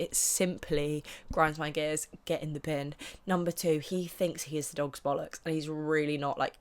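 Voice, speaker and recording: A young woman with a low-pitched voice chats loosely into her podcast mic. She rants bluntly, with plenty of slang and animated swings between loud outbursts and muttered asides. She sounds loose and chatty after a boozy brunch. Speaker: podcast host. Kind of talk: casual chat.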